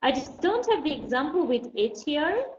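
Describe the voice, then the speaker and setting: A woman teaching an online English lesson. She explains patiently and slowly, with many fillers. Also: high voice, very animated. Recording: dull roomy recording, faint noise.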